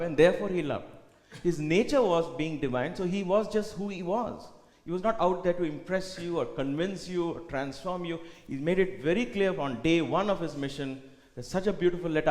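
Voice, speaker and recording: A man giving a spiritual talk at a retreat, telling stories earnestly and voicing the people in them. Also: on the high side. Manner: earnest, animated storytelling with quoted dialogue. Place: retreat hall. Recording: echoey hall with long reverb.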